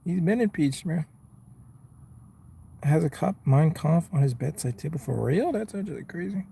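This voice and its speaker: A man's voice: on the high side, animated, moderate pace, creaky, dark tone, a little hiss or hum. A man, chatting casually with his viewers on a live stream from his car, laid-back and rambling, calling people bro and man. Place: inside a car.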